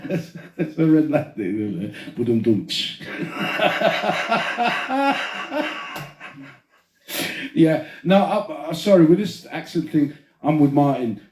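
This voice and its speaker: A man's voice: fairly high pitch, sing-song, extremely slow, long pauses. A man hosting a podcast in casual banter, laughing often, swearing freely and restarting his sentences. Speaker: podcast host. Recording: echoey room.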